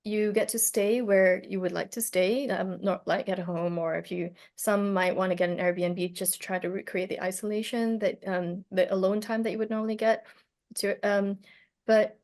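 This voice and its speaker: A woman's voice: mid-range voice, moderate pace. A woman telling a personal story in casual talk, reflective and hesitant, with many fillers and restarts. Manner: reflective, gently animated when telling a story. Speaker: speaker on plant medicine.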